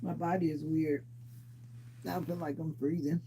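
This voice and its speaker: Livestream host, male, stuffy nose, sleepy and rambling; dark gravelly voice, faint hum behind. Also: fairly high pitch, flat delivery, moderate pace. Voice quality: stuffy, congested. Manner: rambling, talks while snacking and reading chat. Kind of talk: casual livestream chat with viewers.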